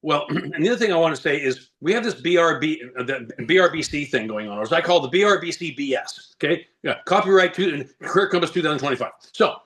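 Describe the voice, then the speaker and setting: A man with a high, quick voice pitches real estate tactics to agents on a video call. He drives his points home with punchy rhetorical questions and a confident, salesy push. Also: lively intonation, a bit bright. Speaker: guest speaker, real estate coach.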